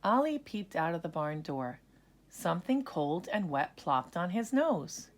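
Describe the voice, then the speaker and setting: A woman gently narrating a children's story aloud in a soft voice. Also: fairly low pitch, very animated, measured pace.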